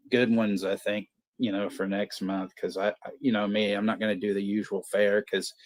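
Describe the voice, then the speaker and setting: A man hosting a movie watch party stream, chatting casually, rambling, swearing a lot and laughing often. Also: lowish voice. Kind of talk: casual livestream chat.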